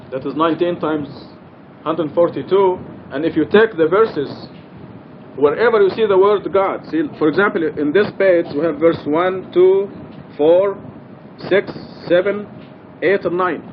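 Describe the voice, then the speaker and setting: A man leads a study class in a mosque with an earnest, emphatic delivery, driving his main points home through repetition. His voice sits a little high for a man. The recording sounds dull and lo-fi, with a faint rumble underneath. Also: measured pace. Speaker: Quran study teacher. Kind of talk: religious study lecture.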